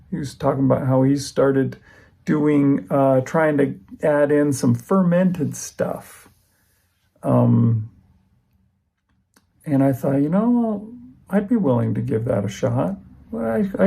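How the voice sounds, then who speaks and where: Male vlogger, casual and meandering, with a warm, husky tone. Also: medium pitch. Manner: rambling, relaxed, many ums. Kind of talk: casual diet vlog talk.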